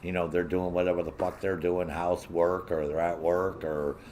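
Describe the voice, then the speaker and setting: A man's voice: low voice, normal speed, slight background noise. A man streaming and ranting casually to his viewers, swearing heavily and sounding indignant. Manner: profane, heavy swearing; animated, indignant.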